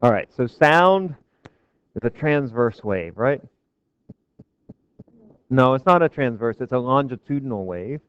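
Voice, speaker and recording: A man's voice: medium pitch, animated, unhurried, long pauses, smooth, dry recording. A man giving a physics lecture to a class, casual and joking with his students. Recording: dull, dry lecture recording.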